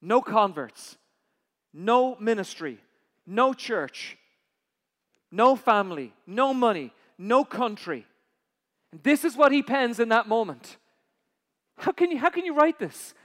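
A high-pitched man preaching from the pulpit, telling a story with real drama and acting out the voices. His voice carries a long hall reverb. He swings between loud outbursts and hushed asides. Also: animated, measured pace, long pauses. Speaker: pastor. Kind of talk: sermon. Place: church sanctuary.

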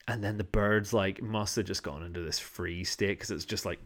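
A man's voice: on the low side, fairly even intonation, normal speed, few pauses, fairly bright tone. A man hosting a podcast alone, telling a rambling story full of fillers and frequent laughter into a microphone. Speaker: podcast host. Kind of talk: casual storytelling monologue. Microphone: studio microphone.

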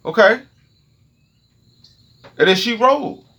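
Slow and high-pitched, a man hosts his own podcast from his home setup. He launches into a loose, profane solo rant, animated throughout, checking in with listeners and constantly asking "okay?".

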